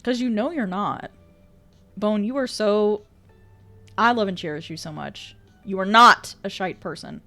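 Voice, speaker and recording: A woman's voice: mid-range voice, unhurried, bright, forceful tone, faint music behind. A woman streaming live, chatting casually and reading out viewer messages, exclamatory, swearing freely and laughing often.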